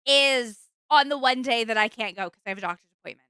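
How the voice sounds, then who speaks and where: A young woman streamer chatting casually with her viewers, rambling and animated. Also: a little high, fast, clean tone, dry recording. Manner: chatty, rambling, animated, with fillers and bursts of exasperation.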